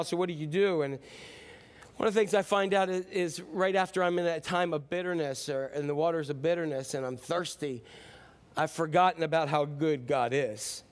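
A male pastor preaching a sermon in a loose, conversational way, full of fillers and animated asides. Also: on the high side.

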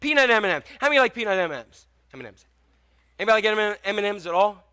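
A man's voice: high voice, sing-song, fast talker, pushed and bright. A man preaching a sermon in a conversational way, asking the congregation questions and telling stories. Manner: conversational, asks the congregation questions, tells anecdotes. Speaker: pastor.

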